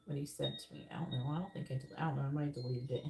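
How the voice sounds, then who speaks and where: A woman's voice: rumbling low, fairly even intonation, racing, gravelly, noisy background. A woman giving a live-stream tarot reading, talking bluntly in a rambling way and swearing casually. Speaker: tarot reader.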